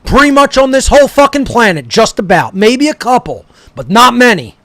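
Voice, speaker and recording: A man with a very high, sing-song, slightly bright voice delivers an aggressive, profane ranting monologue at moderate pace, berating his listeners and swearing constantly. There's no room sound.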